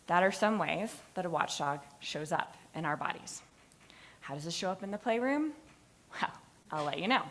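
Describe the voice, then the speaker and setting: A woman's voice: on the low side, normal speed, a little hiss or hum. A woman giving a class presentation, telling stories with energy, acting out moments and laughing at herself. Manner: animated storytelling, acting out moments; laughs at her own stories. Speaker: student presenter. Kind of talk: lively capstone presentation.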